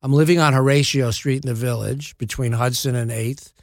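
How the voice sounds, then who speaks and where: Gravelly older actor spinning an anecdote, dry close sound, stop-start delivery. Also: male voice, medium pitch, dry recording. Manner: lively storyteller, halting restarts and asides. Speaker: actor guest. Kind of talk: anecdotal interview storytelling.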